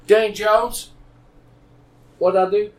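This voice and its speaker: A man's voice: high voice, slow. A man telling rambling, profane stories in a casual podcast chat. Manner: rambling, profane, animated storyteller.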